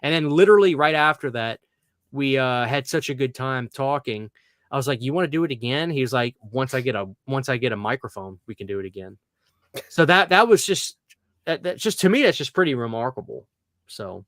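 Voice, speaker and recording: A man hosting a podcast, telling stories in a rambling, excitable, casual way. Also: mid-range voice, brisk, no room sound, clean studio sound. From Louisiana, US. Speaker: podcast host. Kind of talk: casual chat.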